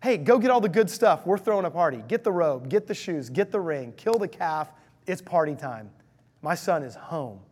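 A preacher putting on the voice of a joyful, generous father welcoming his son home, husky and exuberant. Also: fairly high pitch, animated, normal speed, a little mellow, long reverb tail. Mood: jubilant.

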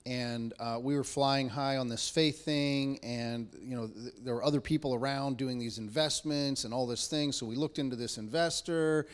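A man telling a personal story in casual talk, unhurried and low-key. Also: steady tone.

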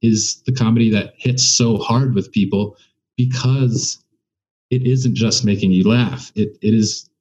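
A man's voice: on the low side, fairly even intonation, measured pace, darkish tone, breathy edge, lo-fi sound. A man who does stand-up comedy, talking as a guest in a casual conversation and thinking aloud with many restarts.

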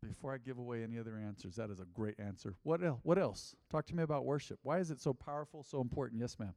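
Male pastor, lively interactive sermon, teasing the crowd; close dry mic in a reverberant church. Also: mid-range voice, fast talker. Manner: lively, jokes with the congregation, repeats answers.

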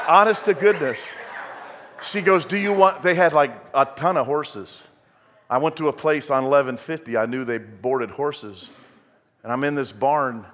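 A man's voice: medium pitch, fairly bright tone. A male pastor preaching a sermon, telling folksy stories and building to emphatic bursts. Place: church sanctuary. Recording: long hall reverb.

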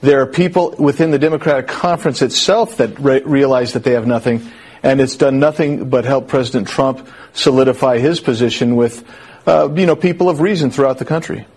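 Husky congressman, measured and halting. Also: mid-range voice, a little mellow. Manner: measured, with frequent filler pauses. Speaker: congressman guest. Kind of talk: political interview.

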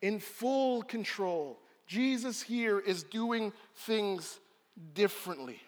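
A man preaching a sermon as pastor, telling a scene with lively storytelling and acting it out. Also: high voice, takes it slowly. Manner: animated storyteller, acts out scenes. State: out of breath. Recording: long hall reverb.

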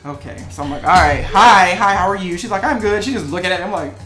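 A man co-hosting a casual podcast, telling a work story with lively acted-out quotes and laughter. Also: high-pitched, fast talker, reverberant, loud music behind the voice. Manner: animated, acts out quotes with laughs. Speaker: podcast co-host.

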